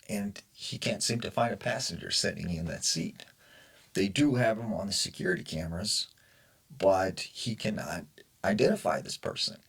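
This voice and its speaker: A man's voice: deep voice, vocal fry, breathy edge. A man casually retelling a strange story, hesitant and full of fillers and restarts. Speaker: storyteller in a played clip. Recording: music playing underneath.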